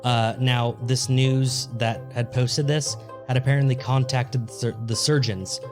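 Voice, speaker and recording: A man's voice: mid-range voice, fairly even intonation, measured pace, darkish tone, faint music behind. A man co-hosting a casual podcast, reading out a news story with crude jokes and frequent laughs. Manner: laid-back, crude joking, laughs often. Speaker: podcast co-host.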